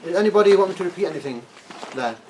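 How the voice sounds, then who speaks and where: In a high-pitched, expressive voice, a man races through an Arabic lesson, prompting his students to translate and asking "yeah?" over and over. The recording was made at a distance in the classroom and has faint noise.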